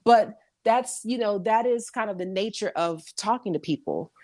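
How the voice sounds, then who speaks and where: A woman guest on a podcast, chatting at a medium pitch. She talks animatedly, laughs often and slips into little acted-out quotes of what people said. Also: moderate pace, a little mellow, no room sound. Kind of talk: casual podcast chat.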